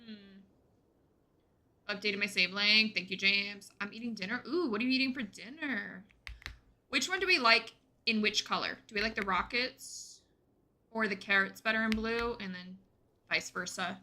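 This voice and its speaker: Super bright woman streamer, chatty, answering chat while she plays, faint keyboard clicks behind. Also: mid-range voice, moderate pace, slight background noise. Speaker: gaming streamer. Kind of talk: casual livestream chat.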